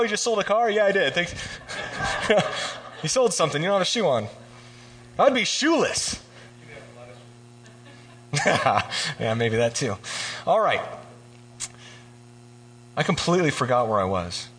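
A man giving a casual, joking sermon, retelling scripture and acting out the characters in quick voices. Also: a little high, fairly bright tone, slight background noise. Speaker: preacher.

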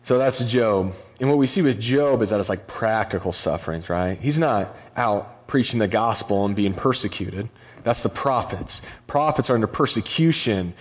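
Young adult man, pastor, casual sermon, chatty and conversational, mid-pitched voice. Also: a little fast. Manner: conversational, paraphrases scripture in slangy voices.

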